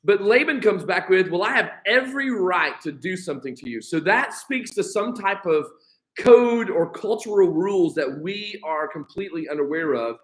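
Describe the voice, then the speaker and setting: High-voiced American pastor teaching scripture. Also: male voice, lively intonation, normal speed, fairly bright tone, low-quality recording. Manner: reads scripture aloud and paraphrases it in casual modern speech. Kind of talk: Bible study teaching. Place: church.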